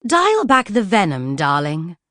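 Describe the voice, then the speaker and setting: A woman voicing a gentle, ladylike encyclopedia of flowers with a sweet, placid way of talking. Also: on the low side, huge pitch swings, measured pace, no echo, clean studio sound, exaggerated voice. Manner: placid, soothing.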